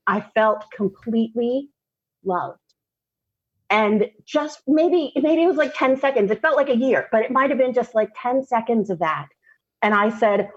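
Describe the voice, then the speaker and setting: A woman, a podcast guest telling a personal story candidly, laughing often and slowing down for emphasis. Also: fairly high pitch, animated, husky, dull audio.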